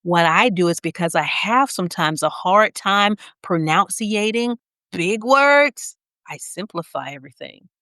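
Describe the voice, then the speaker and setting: A woman with a Southern US accent delivers a motivational coaching lesson, taking her time and leaving pauses between points. Her pitch swings up and down with smiling energy. The sound is dry and close, with no room echo. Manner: slow, deliberate pacing with pauses, smiling, energetic. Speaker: business coach for nurses.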